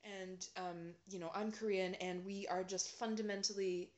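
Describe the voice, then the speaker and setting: A woman's voice: mid-range voice, fairly even intonation, normal speed. A woman from the United States in casual chat, talking reflectively with many fillers and restarts. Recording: roomy echo.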